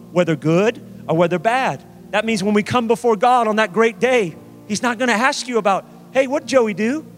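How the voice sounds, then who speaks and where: A pastor delivering a sermon, emphatic and repeating key phrases for weight. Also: male voice, high-pitched.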